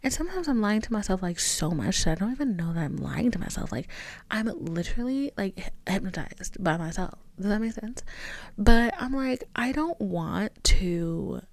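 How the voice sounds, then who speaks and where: A woman hosting her own podcast, talking in a rambling, confessional way full of "like," sometimes dropping to a soft whisper. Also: medium pitch, very animated, moderate pace, no room sound. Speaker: podcast host. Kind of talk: candid solo podcast monologue.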